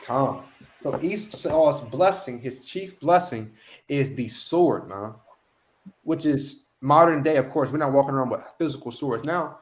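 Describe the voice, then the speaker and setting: A man's voice: mid-range voice, unhurried. A man leading an online scripture lesson, preaching emphatically and often tagging lines with "man". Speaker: lesson teacher.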